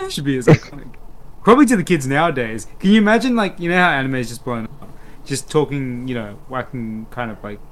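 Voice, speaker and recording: A man of middle pitch chatting loosely on a podcast. He rambles through stories with restarts and lots of fillers. A faint hiss sits under the voice. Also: fairly quick, poor audio. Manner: rambling, animated storyteller. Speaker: podcast co-host. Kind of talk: casual chat.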